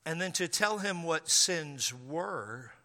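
A man's voice: a little high, expressive, takes it slowly, sharp tone, in a large hall. A middle-aged male pastor preaching a sermon as a chatty story, with joking asides and frequent restarts.

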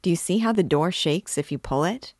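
A woman's voice: lowish voice, lively intonation, brisk, dry recording, clean studio sound. A woman reading aloud, voicing an eager young male law student who talks urgently and insistently.

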